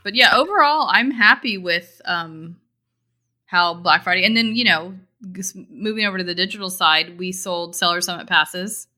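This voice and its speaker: Bright-voiced woman, chatty and casual. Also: on the low side, moderate pace. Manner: chatty, lots of fillers and restarts. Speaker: e-commerce marketer and co-host. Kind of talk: casual business chat.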